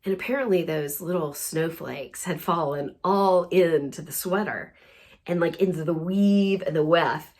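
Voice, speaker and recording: A woman's voice: fairly low pitch, measured pace. A woman hosting a wellness podcast, telling a funny story in a casual monologue and laughing often as she talks. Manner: soft and soothing in a gentle wrap-up.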